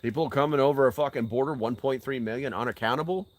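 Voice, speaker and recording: An older host fields live chat on his channel from a casual stream beside an outdoor fire. His mid-range voice moves fast with no echo, and his style is blunt and sweary, full of insistent rhetorical questions.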